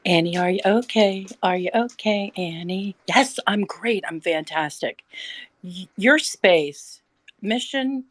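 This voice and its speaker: An older woman, a grandmother calling into a live talk room, speaking warmly and effusively. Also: mid-range voice, takes it slowly, dry recording. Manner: warm, effusive, affectionate. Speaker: caller. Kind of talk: casual chat.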